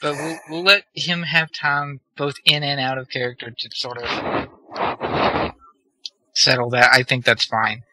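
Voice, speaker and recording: A man acting as game master in a casual tabletop role-play session, calmly asking the players questions. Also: mid-range voice, normal speed, hardly any pauses, poor audio.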